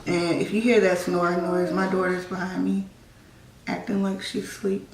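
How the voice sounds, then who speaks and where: A woman's voice: fairly low pitch, flat delivery, moderate pace, crowd noise. A woman vlogger at home telling a personal story in a conversational way while getting ready, acting out the dialogue as she goes. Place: at home, in a room. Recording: echoey room, distant mic, background noise.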